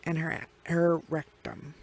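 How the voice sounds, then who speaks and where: A woman telling a true crime case in casual, blunt language full of swearing and heavy pauses. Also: low voice, little pitch movement, a little mellow.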